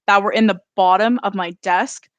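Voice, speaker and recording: A woman voicing an angry sixteen-year-old girl who argues with her mother, pleading and then shouting. The voice is close and dry. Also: mid-range voice, steady tone, normal speed, no room sound, lightly acted.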